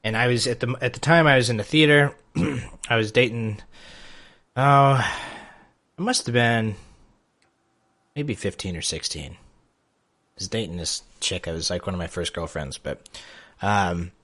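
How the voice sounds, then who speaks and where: A man co-hosting a podcast, telling a self-deprecating personal story in an animated way. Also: on the low side, unhurried, pauses often. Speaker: podcast co-host. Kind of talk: casual podcast discussion.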